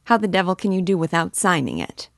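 A woman's voice: lowish voice, sing-song, fast, vocal fry, no room sound, studio quality, voice pushed up. A woman reading the lines of a boisterous young male student who bosses and jokes with his sick friend. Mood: hearty. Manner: hearty, bossy, joking.

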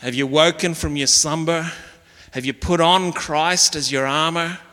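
A man's voice: on the high side, steady tone, unhurried, sharp tone, big-room sound. A man preaching as pastor, reading scripture and leading his congregation in earnest call and response. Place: church hall.

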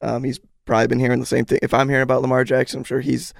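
A man's voice: mid-range voice, monotone, rapid-fire, gravelly, dry recording, studio quality. A young man co-hosting a sports picks show, strained-voiced and wisecracking. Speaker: co-host. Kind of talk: casual sports picks chat.

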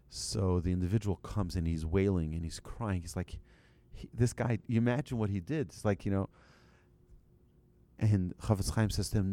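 A man giving a storytelling talk to an audience as a religious teacher, conversational and halting, with restarts and light asides to the listeners. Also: on the low side, dark tone, no echo.

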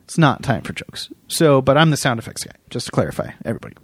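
A man's voice: medium pitch, very animated, quick pace, slightly rough, no echo. A man in his thirties co-hosting a casual podcast, rambling with restarts and frequent laughs. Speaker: podcast co-host.

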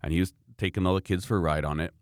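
A man's voice: deep voice, fairly even intonation, rapid-fire, smooth, no echo, studio quality. A man, a podcast co-host telling long rambling family stories in casual chat, chuckling often.

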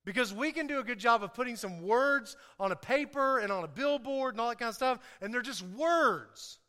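A high, bright male voice preaching a lively sermon, joking and calling for the congregation to respond. The sound rings with the long reverb of a church hall. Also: normal speed. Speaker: pastor. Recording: echoey hall.

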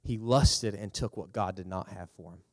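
A man giving a youth sermon in a lively, storytelling manner, acting out the characters as he talks. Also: normal speed. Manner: animated, acts out characters with big pitch jumps. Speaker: youth pastor. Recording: long hall reverb.

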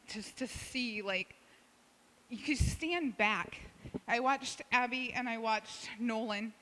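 A woman's voice: fairly high pitch, a bit bright. A woman telling a story from volunteer work at a church gathering, acting out the people she quotes. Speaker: church group member sharing a story. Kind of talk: casual testimony sharing. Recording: long hall reverb.

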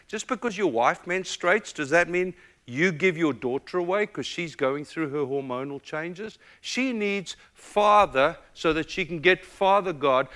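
Passionate preacher man, bright ringing voice. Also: a little high. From Africa. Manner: dynamic preaching, swings from loud emphatic to hushed and tender. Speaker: pastor. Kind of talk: sermon.

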